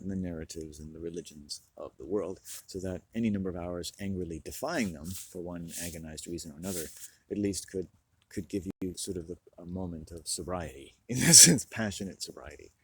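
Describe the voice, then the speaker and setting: A man's voice: low voice, slightly rough. A man talking in a rambling, self-mocking comic monologue, often breaking into laughter.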